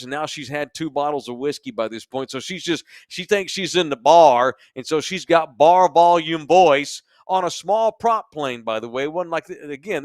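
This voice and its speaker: A man's voice: a little high, no room sound, clean studio sound. A man co-hosting a podcast, telling a crude, mocking travel story with lots of profanity. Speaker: podcast co-host. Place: sports bar studio.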